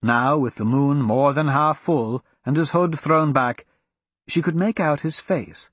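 A man reading a story aloud as narrator, with an expressive, varied delivery. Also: a little high, a little slow, slightly rough, no echo. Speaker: audiobook narrator.

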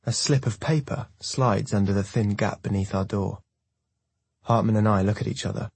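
Man narrating a novel in first person, low and husky, dry close sound. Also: moderate pace, darkish tone, no echo. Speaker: audiobook narrator. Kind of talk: scripted narration.

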